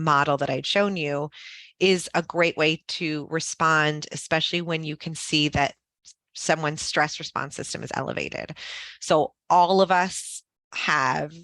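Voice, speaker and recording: A woman's voice: low voice, a bit bright, no echo. A woman giving a conversational talk to school leaders, often saying "right?" and acting out what people say. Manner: conversational, frequent "um" and "right?", acts out quotes. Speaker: guest speaker on school leadership. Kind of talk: informal presentation.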